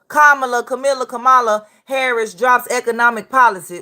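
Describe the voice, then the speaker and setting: Brief: female vlog host, sassy running commentary, slightly high voice. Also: fairly even intonation, moderate pace, bright, forceful tone. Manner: sassy, talks back to clips. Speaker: vlog host reacting to clips. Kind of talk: casual reaction commentary.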